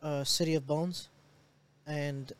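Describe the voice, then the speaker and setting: A man co-hosting a casual podcast chat, telling stories in an animated way, swearing and acting out reactions. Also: fairly high pitch, takes it slowly. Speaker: podcast co-host.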